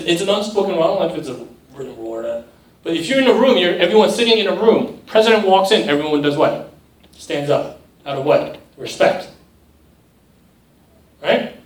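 A young man preaching a conversational sermon to a youth group, often checking in with "right?" and briefly mimicking other voices. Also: sits high. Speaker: youth pastor. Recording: echoey room, mic at a distance.

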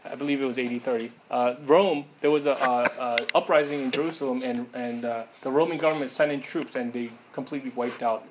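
A man's voice: medium pitch, steady tone, fast, few pauses, noisy background. A man preaching a casual sermon in a conversational way, with many fillers and frequent tag questions.

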